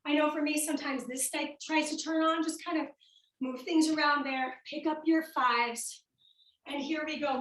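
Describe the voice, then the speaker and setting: A high-pitched Midwestern woman leads a workout class, upbeat and a bit out of breath as she calls out each move. She sounds set back from the mic, and the room around her rings a little. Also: a bit bright, very echoey, far from the mic, rough recording. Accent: American Midwestern. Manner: upbeat, cueing moves while exercising. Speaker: fitness instructor. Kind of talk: coaching a home workout class.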